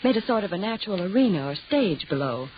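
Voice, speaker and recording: A woman's voice: medium pitch, big pitch swings, fast, a little hiss or hum, close to an everyday voice. An actress playing a level-headed, explaining young woman in a 1940s radio drama, on a dull old broadcast recording. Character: sensible, knowing young woman.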